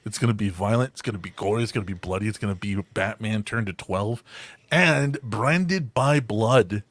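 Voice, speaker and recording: A man's voice: on the low side, normal speed, no room sound. Teasing, hyped-up man. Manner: teasing, hyped, swears casually. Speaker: podcast co-host. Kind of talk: casual podcast chat.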